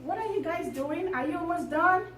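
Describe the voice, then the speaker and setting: A woman's voice: extremely high pitch, normal speed, fairly bright tone, a little hiss or hum, voice pushed up. A woman playing a nervous male assistant. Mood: puzzled. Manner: anxious, hesitant. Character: nervous male assistant fearing looking foolish. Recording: echoey room from far off.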